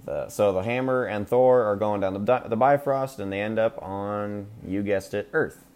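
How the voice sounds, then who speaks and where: A man with a very low voice recaps a film on his podcast. He rambles loosely, peppering his talk with ums and likes and swearing for laughs. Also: normal speed, a little mellow. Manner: rambling, crude and joking, with frequent fillers. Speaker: podcast host. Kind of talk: casual movie recap.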